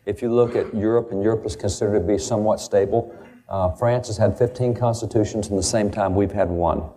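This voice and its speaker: A man's voice: on the low side, fairly even intonation, fairly quick, warm tone. A man giving a historical lecture, reading quotations aloud and stressing key words.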